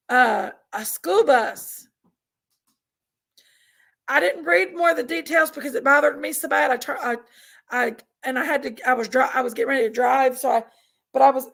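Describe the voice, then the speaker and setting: A woman with a high, gravelly voice hosts a casual live stream, reading comments and chatting with viewers in an effusive, rambling manner.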